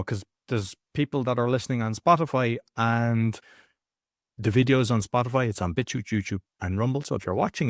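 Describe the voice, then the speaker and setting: A man's voice: fairly low pitch, no echo, clean studio sound. An Irish man hosting a podcast interview, talking informally with rambling asides. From Ireland. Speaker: podcast host.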